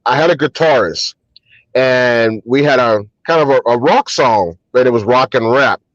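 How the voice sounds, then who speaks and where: A man's voice: medium pitch, moderate pace, no echo. Guy rapper telling stories on a podcast, lots of ums, kinda lo-fi dry audio. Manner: relaxed anecdotes with many ums and restarts. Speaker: guest, hip hop and R&B artist and DJ. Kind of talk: casual storytelling interview.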